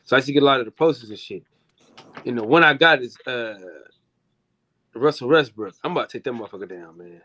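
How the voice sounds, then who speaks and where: A man talks quickly and crudely in a loose group chat, cracking jokes as he goes. His pitch sits in the middle. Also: sharp tone, no room sound, highs cut off. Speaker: panel guest. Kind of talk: casual chat.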